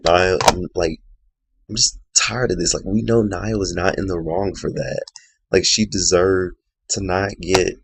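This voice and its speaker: A man's voice: sits low, fairly even intonation, measured pace, slight background noise. A man giving a casual, opinionated video review of a reality show, rambling with plenty of "you know" and "like".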